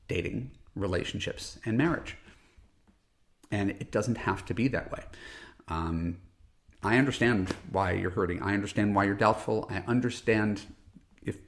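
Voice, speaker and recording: A middle-aged man, a dating coach, hosting a solo podcast, talking earnestly and emphatically, often restarting and tagging "right?". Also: on the low side. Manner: rhetorical "right?" tag questions.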